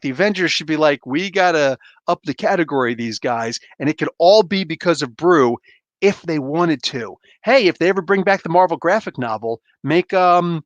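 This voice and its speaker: Excited man reviewing comics, dry sound. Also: on the high side, no room sound. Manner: enthusiastic, rambling, slangy. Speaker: comic book reviewer host. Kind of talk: casual spoiler review.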